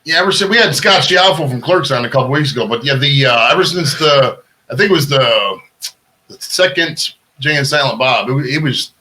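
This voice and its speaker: A man's voice: mid-range voice, a little fast, pushed and bright, poor audio. A man hosting a podcast interview, asking loose, chatty questions full of filler words. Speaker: podcast host. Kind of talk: casual interview.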